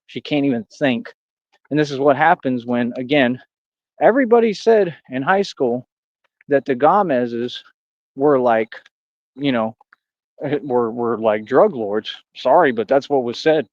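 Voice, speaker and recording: A man's voice: medium pitch, measured pace, darkish tone, no room sound, highs cut off. A man in a rambling livestream rant, boastful and combative, talking straight at his critics. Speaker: streamer.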